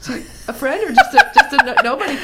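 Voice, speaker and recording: A woman's voice: high voice, huge pitch swings, fast, very noisy. A woman co-hosting a radio talk show, playful and teasing.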